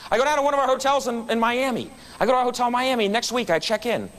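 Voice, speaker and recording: A man's voice: very high voice, very fast, background noise. A man giving a storytelling speech at a club meeting, acting out the voices of people in his anecdotes. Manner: animated storyteller acting out quotes. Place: meeting room.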